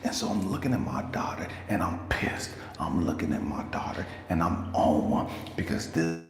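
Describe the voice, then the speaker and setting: Deep gravelly man in an echoey room. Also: big pitch swings, normal speed, slight background noise. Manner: profane, heated, preachy. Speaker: life coach and speaker. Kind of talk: casual storytelling rant to camera. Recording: echoey room with long reverb, faint ambience.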